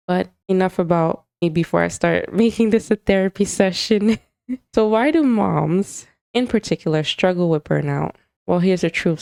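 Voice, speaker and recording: Woman host with a warm, smooth voice. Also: on the low side, no room sound, studio quality. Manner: confiding, emotional, talks straight to moms. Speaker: podcast host. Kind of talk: candid casual monologue.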